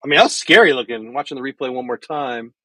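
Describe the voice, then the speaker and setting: A middle-aged man hosting a baseball watch party livestream from home, chatting casually and calling the plays with excitement. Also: mid-range voice, fast talker, no echo. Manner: chatty, thinks out loud, calls plays excitedly. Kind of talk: casual live baseball commentary.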